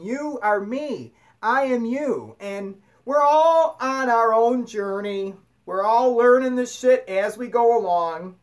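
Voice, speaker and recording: A woman giving a blunt spiritual monologue, swearing freely and preaching with animated force. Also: a little high. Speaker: spiritual talk host.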